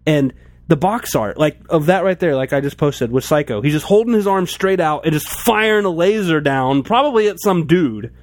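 Man, casual toy chat, rambling, lots of filler words, higher pitch, dry close sound. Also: lively intonation, moderate pace, no room sound. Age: adult, toy collector since childhood. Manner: rambling, many restarts and "like". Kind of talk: casual chat about toys.

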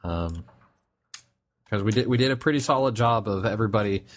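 A man's voice: on the low side, a little fast. A young man chatting casually on a podcast, rambling with many restarts and fillers. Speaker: podcast co-host. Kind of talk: casual chat.

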